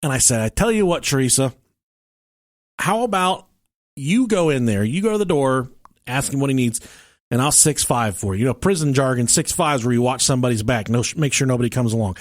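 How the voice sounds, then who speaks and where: A podcast co-host with a medium-pitched male voice talks briskly, recorded with studio quality and no echo. He tells a long, profane story in a casual way, acting out the people in it with shouts and laughter.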